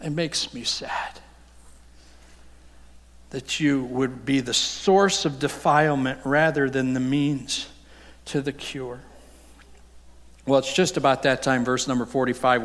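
A man preaching a sermon as pastor, earnest, climbing sharply in pitch when he voices rebukes. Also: a bit bright. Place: church sanctuary. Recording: long hall reverb.

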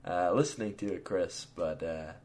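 A man's voice: low voice, normal speed, crowd noise. A man hosting a podcast, talking casually with frequent fillers and chuckles, then reading his own story aloud. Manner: laid-back, chuckling, many fillers. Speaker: podcast host.

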